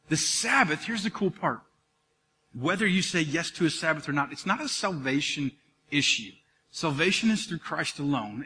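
A man preaching a sermon to his congregation, talking in an animated, conversational way with asides to the listeners. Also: fairly high pitch, a little hiss or hum. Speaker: pastor. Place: church sanctuary. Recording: long reverb of a large church hall.

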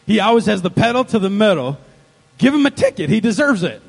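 A scolding wife who tattles loudly on her husband, voiced by a male pastor. The voice is husky and swings high and low. It rings out with a long church-hall echo. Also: very animated, normal speed. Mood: tattling. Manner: blunt, loud, scolding.

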